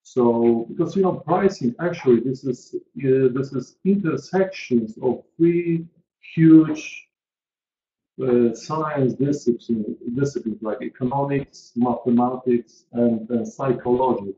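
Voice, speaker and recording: A man's voice: mid-range voice, slow pace, mellow. A man, presenting a pricing webinar in an earnest, emphatic way and repeating his key points. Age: 40s. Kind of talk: online presentation to an audience. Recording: roomy, dull lo-fi call audio.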